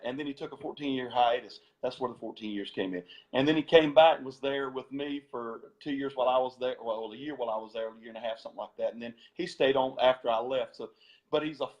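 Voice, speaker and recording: A man guest on an interview show tells road stories in a loose, chatty way, laughing and stumbling over his words. His voice sits at an ordinary middle pitch. The sound is dull and lo-fi, like a video call. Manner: laughs often, repeats words when telling stories. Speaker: guest, former gospel singer. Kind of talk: storytelling interview.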